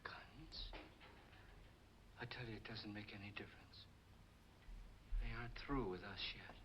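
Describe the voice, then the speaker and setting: A man's voice: on the low side, measured pace, background noise, close to an everyday voice. An actor as a gloomy, foreboding man. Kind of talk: 1950s film acting.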